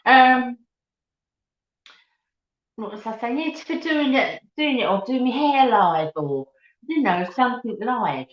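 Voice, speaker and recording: Cockney lady chatting on a live stream, kinda high voice, echoey dull room sound. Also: animated, slow, long pauses. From East End of London. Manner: chatty, affectionate, calls viewers sweetheart and darling. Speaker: beauty channel host. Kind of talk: casual live-stream chat. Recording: roomy, dull lo-fi home stream.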